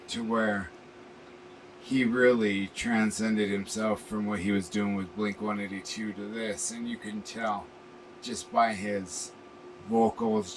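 Low-voiced man rambling into a distant mic. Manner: rambling, earnest, many fillers. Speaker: music reaction channel host. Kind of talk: casual talk to camera. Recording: distant mic with faint air-conditioning hum.

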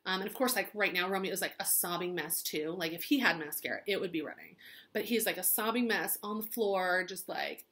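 A woman's voice: on the low side, animated, fairly quick, a bit bright. A young woman teacher chatting through a story recap in a gossipy, sarcastic way, filling her talk with "like" and "um".

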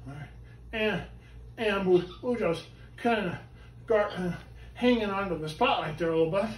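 A man performing a live show with his talking bird, coaxing it loudly and often yelling his patter. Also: high voice, expressive, normal speed, slight background noise. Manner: loud, coaxing and prone to yelling. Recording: echoey room from far off.

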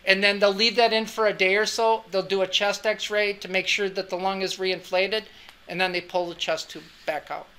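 A man's voice: high voice, little pitch movement, moderate pace, bright, forceful tone, clear, resonant tone. A middle-aged man teaching anatomy and physiology, telling a class a story in a chatty way. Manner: chatty, anecdotal, with frequent "right?" asides. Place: classroom with students.

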